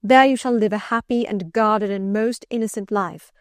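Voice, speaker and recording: A woman reading an audiobook, voicing a passionate, brooding middle-aged gentleman who pleads and commands urgently. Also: mid-range voice, moderate pace, clear, resonant tone, dry recording, clean studio sound, close to an everyday voice. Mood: insistent.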